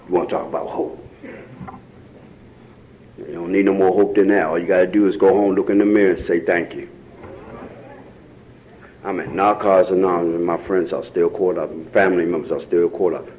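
A man with a Baltimore accent speaking at a recovery meeting, preaching about hope and rising to shouts near tears. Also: low-pitched, lo-fi sound. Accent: African American Vernacular English, Baltimore. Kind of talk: impassioned testimony. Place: meeting room.

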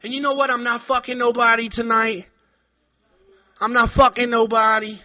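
High, sharp-voiced man sharing fervently. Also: flat delivery, normal speed. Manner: blunt, profane, fervent, bursts into shouting. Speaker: recovering addict sharing at a meeting. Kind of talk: emotional recovery testimony.

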